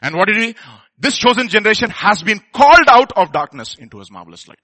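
A man preaching a sermon, emphatic, asking the congregation questions and leaving pauses for them to answer. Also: high-pitched, sing-song, bright, forceful tone.

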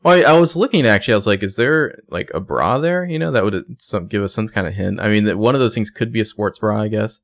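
A man's voice: lowish voice, fast talker, hardly any pauses. A man co-hosting a podcast, chatting and speculating about a TV episode with lots of fillers. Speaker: podcast co-host. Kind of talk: casual recap chat.

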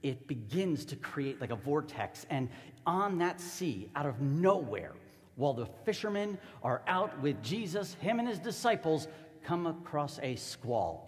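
Lively, animated male preacher. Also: on the high side, in a large hall. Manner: animated, casual storytelling. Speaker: pastor. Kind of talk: sermon.

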